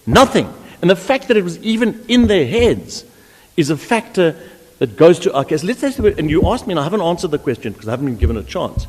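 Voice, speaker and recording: A man arguing a legal case before judges in a courtroom, emphatic and animated, with frequent restarts. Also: on the high side, fast talker, a little hiss or hum. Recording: reverberant courtroom audio.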